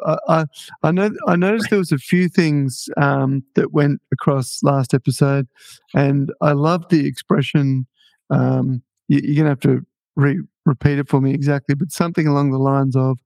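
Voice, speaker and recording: A man hosting a podcast, eager and friendly with quick laughs. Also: mid-range voice, fairly even intonation, gravelly, darkish tone, no room sound. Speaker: podcast host. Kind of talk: casual podcast chat.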